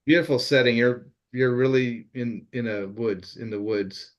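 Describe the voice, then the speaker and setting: A man's voice: mid-range voice, a little slow. Older man, easygoing storyteller, stumbles and repeats words, dull lo-fi recording. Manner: chatty, repeats words, tells jokes. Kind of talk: casual group chat. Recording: dull lo-fi sound.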